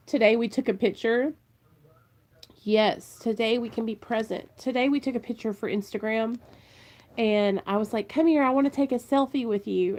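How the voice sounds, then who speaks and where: A woman's voice: medium pitch, darkish tone. A young woman, chatting earnestly and emotionally to her vlog viewers, rambling and addressing them as "you guys.". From Ohio. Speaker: vlogger. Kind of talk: casual heartfelt chat to camera.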